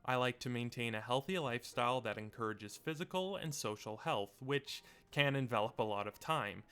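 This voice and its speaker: A young man hosting his own video essay, reading a scripted voice-over in an earnest, measured, explanatory way into a home mic setup. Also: medium pitch, expressive, fairly bright tone, smooth.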